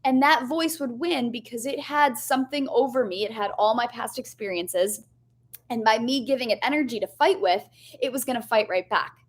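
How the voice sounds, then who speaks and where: A woman's voice: a little high, moderate pace, slightly rough. A young woman coach giving a candid, chatty motivational lesson, often asking "right?" and swearing casually. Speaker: life coach.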